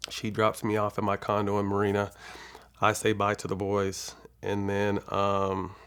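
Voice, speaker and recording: Man, low gravelly voice, casual profane storytelling, interview guest. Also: monotone, measured pace, a bit bright. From California. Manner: casual, profane, laid-back storytelling with fillers. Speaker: interview guest, former basketball player.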